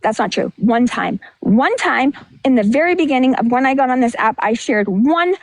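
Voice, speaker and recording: High-voiced woman speaking bluntly on a livestream. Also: expressive, moderate pace, no echo. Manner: blunt, emotional, rambling with restarts. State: out of breath. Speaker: livestream host. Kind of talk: candid livestream monologue.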